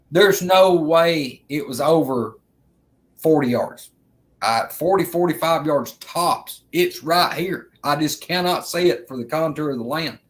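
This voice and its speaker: A vlogger from Alabama, US, tells viewers about an encounter in a casual, rambling way. His voice sits fairly high, and he comes across as earnest, repeating himself and calling his audience "guys."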